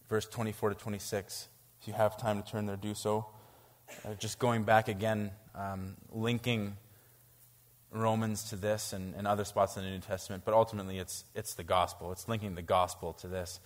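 A man preaching a sermon to a congregation, reading scripture aloud and reacting to it with animated disbelief. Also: on the low side, moderate pace, in a large hall. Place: church.

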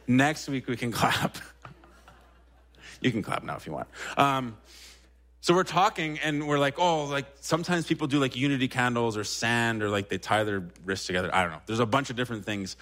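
Conversational young pastor preaching casually. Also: male voice, medium pitch, moderate pace. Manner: conversational, frequent "right?" asides, animated when quoting Peter. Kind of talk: sermon. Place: church.

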